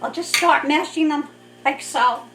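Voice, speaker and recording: A woman's voice: high-pitched, unhurried, fairly bright tone, soft background music. A woman hosting a home cooking video, talking in a chatty, cheerful way and laughing often as she cooks. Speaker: cooking vlog host. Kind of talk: casual cooking demonstration. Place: home kitchen. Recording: roomy kitchen sound from a distant mic.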